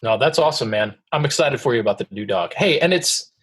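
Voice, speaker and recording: A man's voice: mid-range voice, animated, fast, a bit bright, slightly rough. A man co-hosting a podcast in casual chat, upbeat and enthusiastic. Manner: upbeat, enthusiastic, laughs often. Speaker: podcast co-host.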